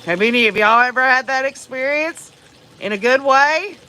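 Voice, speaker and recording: Woman, livestream host, blunt and profane, high bright voice. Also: normal speed, slight background noise. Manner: blunt, profane and emphatic, talks straight to viewers. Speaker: livestream host reading viewer comments. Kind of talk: casual true-crime commentary.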